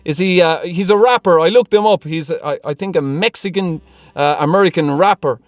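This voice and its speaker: Chatty high-voiced man. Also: normal speed, dry recording, studio quality. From Ireland. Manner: chatty, laughs often between lines. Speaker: car vlogger. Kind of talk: casual Q&A vlog, reading comments.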